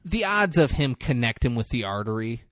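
A man's voice: medium pitch, sing-song, moderate pace, fairly bright tone, dry recording. A man co-hosting a podcast, swearing freely and acting out characters as he retells a movie. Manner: profane, acts out characters while retelling. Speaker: podcast co-host. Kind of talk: casual movie recap chat.

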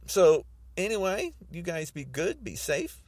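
A man delivers a mocking, repetitive rant for his podcast. His slightly raised voice swings hugely in pitch from line to line. The sound is dry and close, with no room around it. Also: huge pitch swings, measured pace, a little mellow, no room sound. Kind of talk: political rant monologue.

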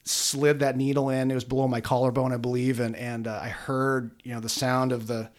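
A middle-aged man, a police officer, telling a personal story in an interview, earnest and halting with many fillers and restarts. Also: mid-range voice, little pitch movement.

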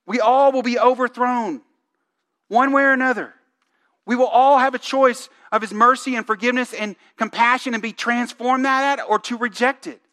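Male pastor, very high voice, bright tone, casual sermon delivery with rhetorical questions. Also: steady tone, normal speed. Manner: conversational, asks the congregation questions; reads scripture aloud with emphasis.

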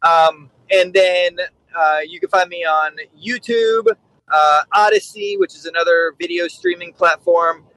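A man's voice: high-pitched, measured pace, pushed and bright, no room sound, low-quality recording. A middle-aged man, a podcast guest who trains dogs, telling stories in a candid, blunt way. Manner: candid, blunt, acts out quotes. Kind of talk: casual storytelling.

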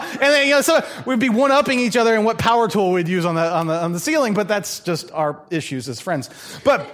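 A man's voice: sits high, fast talker, hardly any pauses, a bit bright. A man preaching a church sermon, telling stories animatedly, acting out quoted voices and laughing often. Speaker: pastor.

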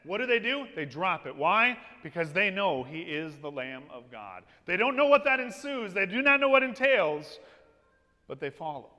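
A man preaching a sermon, telling stories with lively energy and asking his congregation "amen?". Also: sits high, moderate pace. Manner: lively storytelling with call-and-response "amen?". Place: church. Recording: long reverb of a church hall.

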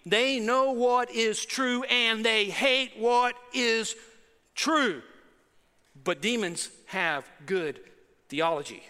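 A man's voice: high-pitched, pushed and bright. A man preaching a sermon as pastor, emphatic and conversational, repeating key phrases. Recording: preaching in a reverberant hall.

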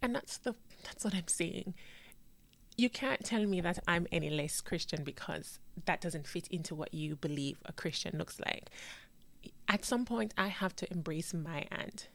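Hosting her casual solo podcast, a young woman from New York who grew up in Jamaica chats animatedly about herself, mimicking others' lines with laughs. She speaks at a moderate pace with a fairly low pitch and vocal fry.

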